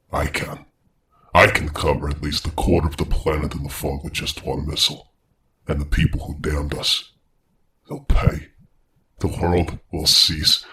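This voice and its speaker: A man doing a manic, deep-voiced mad scientist. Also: sharp tone, a little hiss or hum, full character voice. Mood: vengeful. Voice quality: put-on British accent. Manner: grave, erratic, swings to frantic outbursts. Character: manic vengeful male scientist, armored, erratic. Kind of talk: horror audio story.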